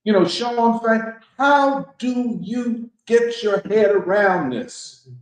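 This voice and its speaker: A man with a fairly high voice leads a political discussion at an unhurried, deliberate pace. He speaks emphatically and preacherly, piling up rhetorical questions. His voice rings through a very echoey room. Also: expressive. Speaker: discussion leader.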